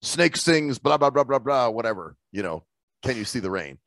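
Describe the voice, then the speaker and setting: Gravelly-voiced, laid-back male podcast host. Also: medium pitch, sing-song, moderate pace, a bit bright, no room sound. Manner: laid-back, profane storytelling. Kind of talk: casual chat.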